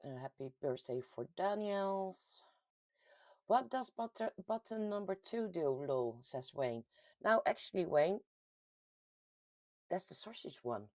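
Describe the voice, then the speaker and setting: A woman from the Netherlands with a Dutch accent hosts a casual livestream, chatting and reading viewer comments aloud. Her voice sits fairly low and she laughs easily. The sound is dry and close, with no room echo. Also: big pitch swings, slow, pauses often, a little mellow. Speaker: livestream host reading chat. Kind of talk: casual live chat. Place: at home.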